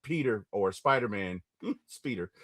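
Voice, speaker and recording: A man hosting a casual movie recap chat, retelling scenes with lively bursts and quick impressions. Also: fairly low pitch. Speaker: movie review podcast host.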